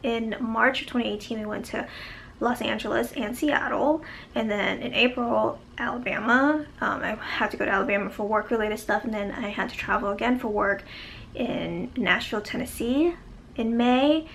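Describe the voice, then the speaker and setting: A woman's voice: on the high side, moderate pace, creaky, a bit bright, a little hiss or hum. A young woman vlogging a casual life update, a bit short of breath and chatty, with lots of fillers.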